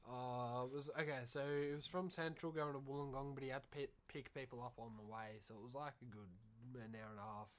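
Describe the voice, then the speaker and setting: A man's voice: mid-range voice, fairly quick, few pauses. A young Australian man telling a long rambling story in casual podcast chat, swearing freely. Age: young adult. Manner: rambling, swears a lot, animated. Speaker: podcast co-host.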